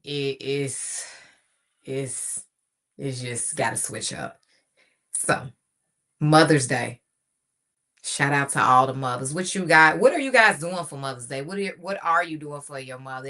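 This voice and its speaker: A woman's voice: low-pitched, a bit bright. A woman hosting a radio podcast in casual solo talk, heartfelt and chatty, often repeating her phrases.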